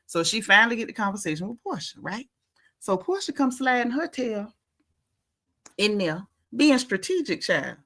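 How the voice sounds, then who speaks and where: A woman hosting a casual gossip chat, telling the story with lively acted-out quotes and slang. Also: medium pitch, moderate pace. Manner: animated storytelling, acting out quotes, Southern slang. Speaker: podcast host recapping a reality show.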